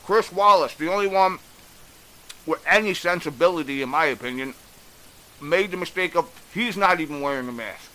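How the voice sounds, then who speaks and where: A man's voice: on the high side, normal speed, bright, forceful tone, poor audio. Exasperated man ranting bluntly. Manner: exasperated, blunt, swears freely. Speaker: commentator. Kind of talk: casual opinion rant. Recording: faint hiss.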